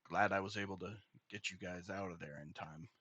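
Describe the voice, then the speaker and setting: A man's voice: deep voice, fairly even intonation, a little fast, pushed and bright, husky, exaggerated voice. A man voicing a muffled, masked archer. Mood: apologetic. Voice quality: muffled by a mask. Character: masked male archer, apologetic and steady.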